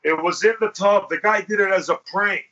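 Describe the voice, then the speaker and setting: A man on a podcast, telling a crude story in a casual and animated way, swearing and acting out what people said. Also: high voice, normal speed. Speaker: podcast host. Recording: dull lo-fi podcast audio.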